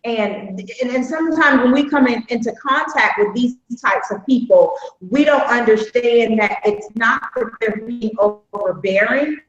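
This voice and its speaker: A woman's voice: on the high side, unhurried, muffled recording. Upbeat woman hosting an echoey live stream. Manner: upbeat, chatty, folksy y'all. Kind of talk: casual live-stream chat.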